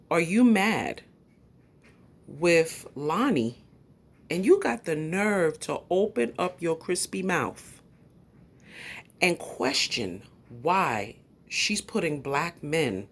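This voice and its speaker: A woman with a New York accent rants on a livestream, sassy and confrontational. Her voice sits low. She hammers each point with emphatic, pointed delivery. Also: slightly rough. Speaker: YouTube commentator. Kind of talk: livestream commentary rant.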